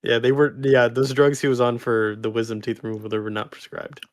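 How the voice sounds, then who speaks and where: A young man co-hosting a casual podcast, joking and quick to laugh. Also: mid-range voice, steady tone, dry recording, clean studio sound. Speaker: podcast co-host. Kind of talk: casual chat.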